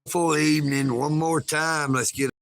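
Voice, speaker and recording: A man's voice: a little high, fairly even intonation, moderate pace, fairly bright tone, faint music behind. A man, chatting casually and folksily on a livestream outdoors at night. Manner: folksy, calls himself a hillbilly. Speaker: livestream host.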